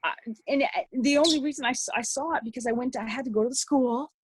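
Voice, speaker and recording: A woman's voice: high voice, fast talker, slightly rough, no room sound. A middle-aged woman, a podcast guest, telling a personal story in a rambling way with many restarts.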